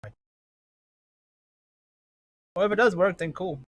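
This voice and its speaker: A man's voice: sits high, slow. A laid-back man talking casually as a player at a tabletop game.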